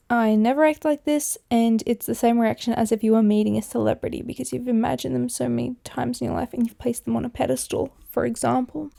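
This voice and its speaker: A young adult woman hosting her own podcast, talking in a chatty, excitable way and laughing often. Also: on the high side, vocal fry, no echo, studio quality. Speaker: podcast host. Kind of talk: casual solo podcast talk.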